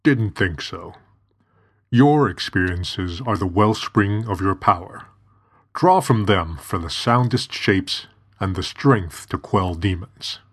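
A man voicing a calm, stern old teacher. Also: low voice, slightly rough, exaggerated voice. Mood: instructive. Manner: measured, instructive. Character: calm, stern older male teacher-doctor.

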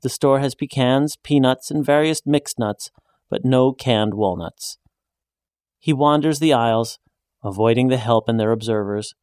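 A man reading a short story aloud in a measured, even storytelling voice, raising his pitch when he speaks the woman's lines. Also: no room sound, clean studio sound. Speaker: narrator. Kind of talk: scripted story narration.

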